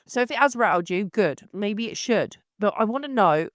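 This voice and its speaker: A woman's voice: mid-range voice, lively intonation, a little fast, hardly any pauses, no room sound, clean studio sound. A woman sounding unwell as she hosts a solo podcast, ranting in a blunt, exasperated way. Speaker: podcast host.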